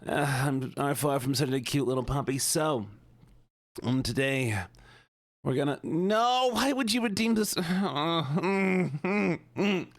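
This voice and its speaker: A man putting on a whiny, high-pitched voice as a sulky little maid. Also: fairly even intonation, a little slow, long pauses, dry recording, lightly acted.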